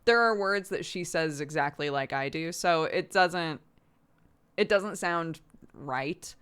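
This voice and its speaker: A woman's voice: deep voice, slow pace, fairly bright tone, clear, resonant tone. A woman streaming from home, chatting casually with lots of "like" fillers and frequent laughs. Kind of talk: casual chat.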